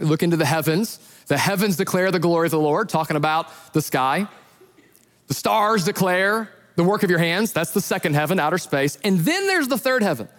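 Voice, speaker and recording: A male pastor preaches in a light, high-pitched voice, telling stories with lively acted-out voices. His words ring with the long reverb of a large church hall. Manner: animated storyteller who acts out voices in his retellings. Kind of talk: sermon.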